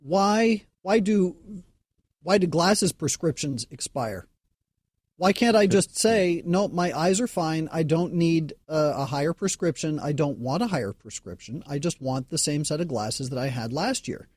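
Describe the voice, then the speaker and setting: A man's voice: fairly high pitch, lively intonation, a little slow, a little mellow, no echo. A man in a casual panel chat, making wry complaints.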